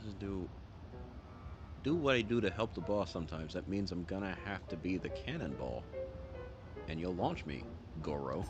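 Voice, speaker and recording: Low-voiced streamer guy rambling casual commentary, bouncy lively delivery, game music going loud. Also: moderate pace, long pauses. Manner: rambling, laughing storyteller. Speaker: gaming streamer.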